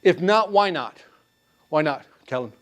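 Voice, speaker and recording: Animated man teaching a sales class. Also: on the high side, a little slow. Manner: animated, quizzing the class with call-and-response questions. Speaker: sales trainer. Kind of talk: live classroom sales training. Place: training class room.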